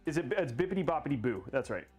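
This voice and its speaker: A man's voice: mid-range voice, very animated, fast talker, darkish tone. A man hosting a casual livestream while building a PC, rambling and joking at himself as he talks to chat. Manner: rambling, goofy, laughs at himself. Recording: faint music behind the voice.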